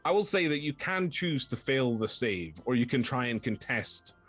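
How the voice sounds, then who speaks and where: A man narrating a tabletop game as dungeon master, in a halting way with many fillers. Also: medium pitch, expressive, fairly bright tone, faint music behind.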